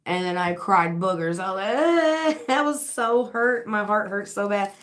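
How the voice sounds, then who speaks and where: A woman's voice: medium pitch, fairly even intonation, normal speed, a bit bright. A woman with a sore, dry throat, hosting a casual livestream as a spiritual reader and shop owner, chatting in a rambling way with lots of fillers and laughs.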